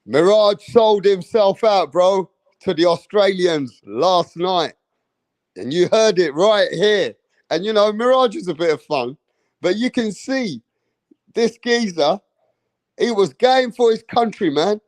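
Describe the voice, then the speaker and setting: A man hosting a boxing reaction stream, his voice pitched high for a man as he delivers a profane, mocking rant. He drags his words out slowly and keeps circling back to the same taunts. The sound is close and dry. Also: lively intonation, no room sound. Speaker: boxing commentator host. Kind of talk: ranting reaction commentary.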